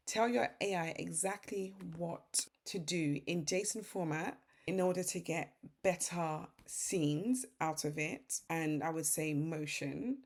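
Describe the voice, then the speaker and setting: British female tutorial host, lowish gravelly voice, relaxed step-by-step walkthrough. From Britain. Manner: casual step-by-step explaining. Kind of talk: screen-recorded software tutorial.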